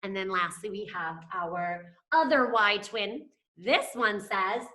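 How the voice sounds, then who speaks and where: This teacher, a woman with a sharp, mid-range voice, is teaching phonics to small children. She drags out and emphasizes each word, speaking slowly so her young pupils can follow.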